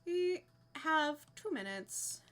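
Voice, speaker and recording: A woman's voice: high voice, expressive, slow, fairly bright tone, a little hiss or hum. A young woman live streaming a game, chatting casually and giggling as she reads out names with delight.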